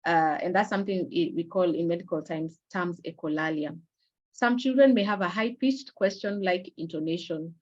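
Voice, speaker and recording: Low-voiced woman giving a webinar talk. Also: a little mellow, highs cut off. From Kenya. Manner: measured, explanatory, with frequent fillers and restarts. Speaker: webinar presenter. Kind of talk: online awareness lecture. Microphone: video call.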